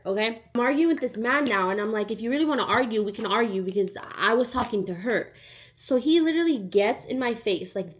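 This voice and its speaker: A young woman telling a storytime in a casual, chatty way, acting out the other people in her story. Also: a little high. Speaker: vlogger.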